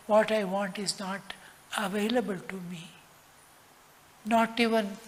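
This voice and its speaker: Slow earnest monk in echoing hall. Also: male voice, sits high, a bit bright. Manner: slow, earnest, dropping to whispers. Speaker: monk teacher. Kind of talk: spiritual discourse. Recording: long hall reverb.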